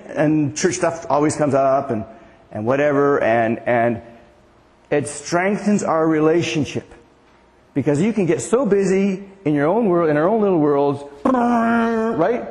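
A man's voice: fairly high pitch, darkish tone, in a large hall. An older man giving a conversational sermon as pastor, often asking the congregation questions. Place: church.

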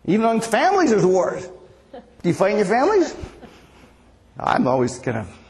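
Pastor with a ringing hall echo. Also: male voice, high voice, wildly swooping pitch, moderate pace, a little mellow. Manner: conversational, asks the congregation questions. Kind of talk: sermon. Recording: long hall reverb.

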